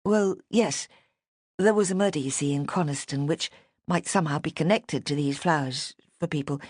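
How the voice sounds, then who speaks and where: A woman's voice: sits low, normal speed, a little mellow, no echo, clean studio sound. A woman reading an audiobook voices a nervous florist who over-explains politely. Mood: flustered. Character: nervous flustered female florist, polite and apologetic. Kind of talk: audiobook character voice.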